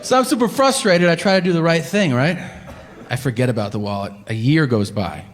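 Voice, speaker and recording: A man's voice: fairly high pitch, expressive, fairly quick, a little hiss or hum. A male comedian telling a story on stage, exasperated and profane. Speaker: stand-up comedian. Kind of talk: stand-up storytelling. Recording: echoey venue, faint ambience.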